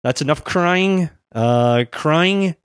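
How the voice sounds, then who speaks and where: A man's voice: on the high side, animated, drawn-out words, clean tone, no room sound. A man hosting a casual tech podcast, rambling through thoughts with lots of fillers and frequent chuckles.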